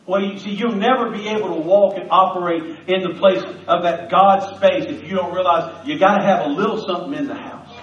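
A man's voice: sits high, fairly quick, hardly any pauses, fairly bright tone, a little hiss or hum. A man preaching a sermon, emphatic and conversational with touches of humor. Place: church. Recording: echoey church, distant mic, slightly dull.

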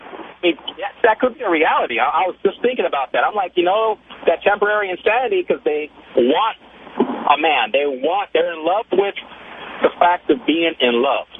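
A man's voice: fairly high pitch, animated, normal speed. A man in his twenties calling a radio talk show and telling a boastful story in slangy, casual chat over a phone line. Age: 20s. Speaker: caller. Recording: tinny phone line with faint hiss.

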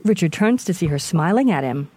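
An audio describer narrates the action of a film in plain, present-tense sentences. The voice sits mid-pitch and moves up and down with lively variation. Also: a little fast, a little hiss or hum.

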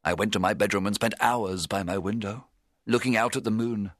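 A man narrating a storybook in the first person, in a measured, dramatic way that rises at tense moments. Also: fairly low pitch, fairly even intonation, dry recording, clean studio sound. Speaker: audiobook narrator.

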